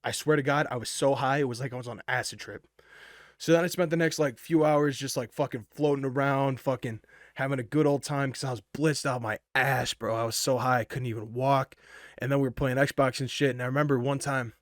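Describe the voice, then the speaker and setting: A young man spins a loose, profane personal story, packed with fillers and restarts, buzzing from energy drinks. His voice sits at an ordinary middle pitch. The recording is dry and close, with no room sound. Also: fairly even intonation, brisk, no room sound. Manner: rambling and profane, with many fillers.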